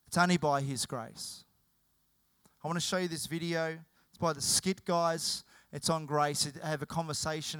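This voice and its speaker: A man's voice: on the high side, a bit bright, clear, resonant tone, no room sound. A male pastor preaching a sermon, emphatic and repetitive.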